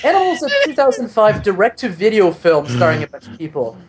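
A woman's voice: mid-range voice, very animated, fairly quick, noisy background. A woman chatting casually as a comedy podcast co-host, giggly and talkative.

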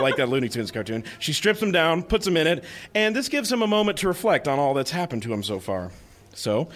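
A man reading a book aloud for laughs on a live bar stage, animated and breaking into laughter. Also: mid-range voice. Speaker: live reader. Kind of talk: comic reading to a bar crowd.

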